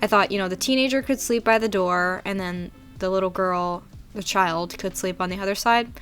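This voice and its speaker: A young woman talks through her game build in a loose, rambling voice-over. She is giggly and pokes fun at herself as she goes. Her pitch sits mid-range, and faint music plays underneath. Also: moderate pace, fairly bright tone. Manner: rambling, giggly, self-deprecating. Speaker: YouTuber narrating a game build. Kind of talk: casual chatty voice-over.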